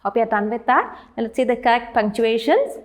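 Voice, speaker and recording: A woman teacher giving an online class lesson, stretching out words slowly as she models their pronunciation. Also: on the high side, animated. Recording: echoey room with long reverb.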